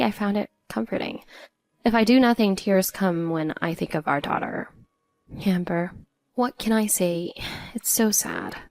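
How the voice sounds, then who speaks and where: Brief: woman narrator, earnest emotional first-person storytelling, mid pitch, dry close mic. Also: darkish tone, dry recording.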